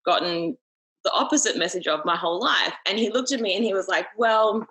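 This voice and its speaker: A woman's voice: medium pitch, brisk, a bit bright, low-quality recording. A young Australian woman, a podcast guest, talking candidly in casual conversation, swearing freely and peppering her speech with fillers. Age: young adult.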